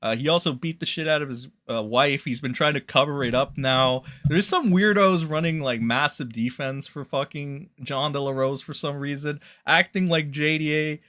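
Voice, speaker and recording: A man's voice: a little high, normal speed, hardly any pauses, sharp tone. A man streaming a rambling, profane and sarcastic rant to his viewers. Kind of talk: livestream rant.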